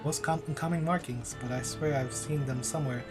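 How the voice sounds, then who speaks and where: A man's voice: fairly high pitch, fairly even intonation, brisk, close to an everyday voice. A man reading a hearty, confident engineer. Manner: hearty, self-assured, stumbles on words. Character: jovial, confident airship engineer. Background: game music.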